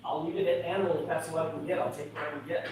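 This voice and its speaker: Male defense lawyer, pushy bargaining tone, slightly high voice, distant echoey courtroom. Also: fairly even intonation, rapid-fire, a little mellow. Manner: persistent, bargaining. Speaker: defense attorney. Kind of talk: courtroom argument. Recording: roomy courtroom audio from far off.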